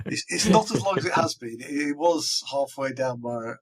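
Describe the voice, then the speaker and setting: A man's voice: medium pitch, expressive, moderate pace. A man who is a guest on a tech podcast, giving brief, understated answers. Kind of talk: casual interview chat.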